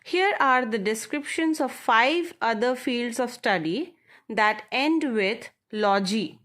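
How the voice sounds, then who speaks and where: A woman teacher explains a school textbook exercise to children. Her voice is bright and a little high. She speaks very slowly and goes back over each word so the class can follow. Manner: deliberate, repeats words and addresses the children directly.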